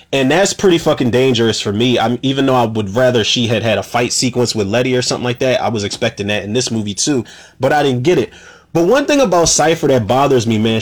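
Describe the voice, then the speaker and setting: A man recapping a movie in a casual, profane, exasperated rant, getting worked up as he goes. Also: mid-range voice. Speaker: movie reviewer.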